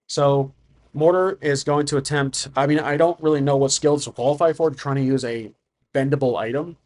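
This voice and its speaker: A man's voice: on the high side, fairly even intonation, normal speed, a little mellow. A man narrating a solo tabletop game, improvising and thinking aloud about the rules.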